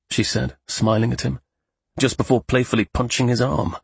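Husky, gravelly male audiobook narrator. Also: medium pitch, little pitch movement, normal speed, dry recording. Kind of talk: scripted fantasy narration.

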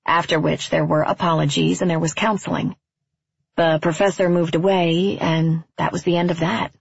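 A woman reading a first-person story aloud in a measured, wryly understated way. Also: lowish voice, flat delivery, vocal fry, breathy edge, no echo, muffled recording. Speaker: narrator.

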